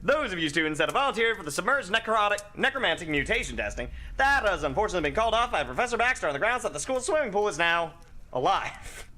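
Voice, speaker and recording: A man plays a perky young woman on the school radio, reading the announcements in a bright, bouncy broadcast voice. Her pitch sits high and skips around brightly. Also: sing-song, fast, heavily acted.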